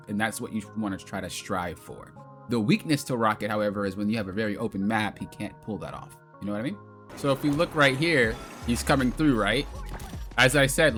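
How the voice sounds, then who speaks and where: A man's voice: medium pitch, fairly bright tone. A man casually coaching a player through a gameplay replay, explaining step by step and often saying "look" and "you see.". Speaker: game coach.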